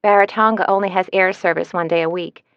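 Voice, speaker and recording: A woman's voice: on the low side, steady tone, quick pace, clean tone, dry recording, lightly acted. A woman voicing a cheerful, talkative female travel agent in an audiobook, in a dry, slightly dull recording. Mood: chirpy.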